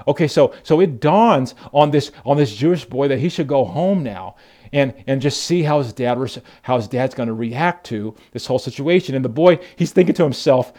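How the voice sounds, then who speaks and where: A man preaching a sermon as pastor, animated storytelling with frequent restarts. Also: medium pitch, normal speed.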